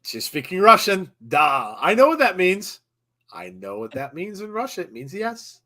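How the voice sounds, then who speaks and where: A man hosting a live wrestling watch-along, chatting casually, laughing often and breaking into excited shouts. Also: high-pitched, normal speed. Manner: chatty, laughs often, reads viewer comments. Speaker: host.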